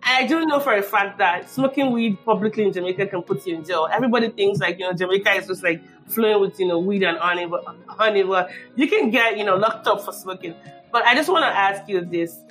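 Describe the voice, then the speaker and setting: A woman's voice: mid-range voice, fairly quick, fairly bright tone. Woman host, long meandering questions, faint music bed. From Nigeria. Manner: rambling, many asides and restarts. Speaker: podcast host.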